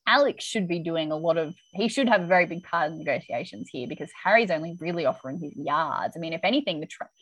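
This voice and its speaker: A woman's voice: sits low, expressive, quick pace, few pauses, a bit bright, no echo, rough recording. A woman co-hosting a casual chat, animatedly retelling a TV episode and reacting with laughs. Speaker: podcast co-host recapping a TV episode.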